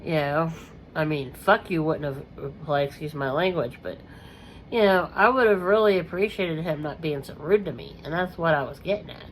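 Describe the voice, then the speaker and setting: A woman vlogging in a casual, rambling way, with many fillers, who keeps clearing her throat through a coughing fit. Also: deep voice, normal speed, a little hiss or hum, rough recording. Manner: chatty, lots of "you know" fillers, frequent throat clearing.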